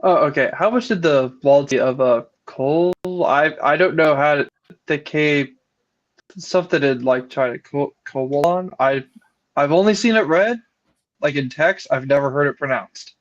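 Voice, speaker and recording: A man's voice: a little high, normal speed. Wry man on a muffled video call. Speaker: book club member. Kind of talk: casual book discussion. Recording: slightly muffled lo-fi audio.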